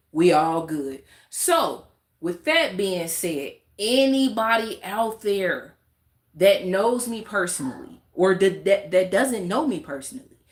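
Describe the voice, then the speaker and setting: In an echoey room, a YouTube vlogger with a medium-pitched voice rants candidly to the camera. She is emphatic, keeps repeating herself, and uses her hands while talking.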